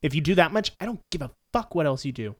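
A woman's voice: sits low, animated, fast talker, no room sound. A woman co-hosting a podcast in casual chat, blunt and swearing freely. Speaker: podcast co-host.

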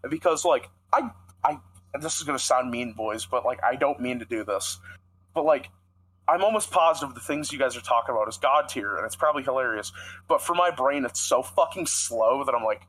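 A man's voice: medium pitch, lively intonation, brisk, fairly bright tone, slightly rough, poor audio. A young man co-hosting a podcast, telling a rambling, profanity-heavy story in casual chat. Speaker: podcast co-host.

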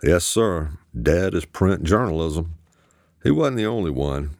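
A man voicing a composed, cold male spy chief in an audiobook, speaking calmly and formally. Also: deep voice, a little slow, dry recording, studio quality. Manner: calm, formal.

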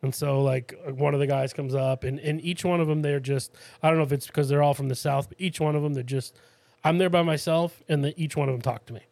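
A man's voice: on the high side, steady tone, quick pace, gravelly, a little mellow, no echo. Man. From Massachusetts, USA. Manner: rambling, laughing, with frequent fillers and profanity. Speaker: podcast co-host. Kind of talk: casual storytelling chat.

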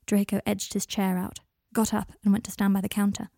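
Audiobook narrator: woman, half-whispered and husky, dry close recording. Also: medium pitch, level tone, fairly quick, warm tone, dry recording. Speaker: story reader.

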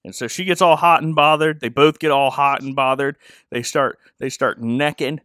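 A man's voice: medium pitch, steady tone, normal speed, a bit bright, no room sound, clean studio sound. A man casually recapping a TV episode with joking, rambling asides. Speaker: podcast host.

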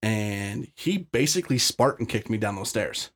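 A man's voice: fairly low pitch, lively intonation, moderate pace, fairly bright tone. A man from Utah, a podcast guest, telling his story in casual, blunt talk full of profanity and restarts.

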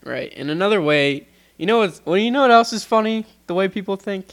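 A young man co-hosting a casual podcast, agreeing readily and chiming in with quick reactions. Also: high-pitched, animated. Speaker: podcast co-host. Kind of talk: casual chat.

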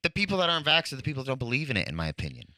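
A man co-hosting a podcast in casual banter, wry and teasing, swinging between low mumbles and sudden bursts. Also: wildly swooping pitch, very fast, bright, forceful tone, no echo, studio quality. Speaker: podcast co-host.

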